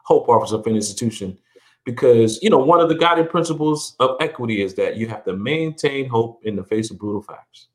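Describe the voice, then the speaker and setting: A man's voice: mid-range voice, expressive, brisk. A middle-aged man speaking earnestly as a podcast guest, often repeating and restarting words, his voice rising when he stresses a point. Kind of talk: reflective conversational interview.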